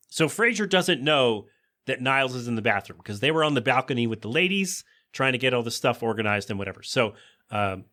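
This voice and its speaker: A man hosting a podcast, recapping a sitcom episode in a casual, joking way and quickly voicing the characters' lines. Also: medium pitch, sharp tone. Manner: chatty, joking asides, quick quoted voices of characters. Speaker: podcast host.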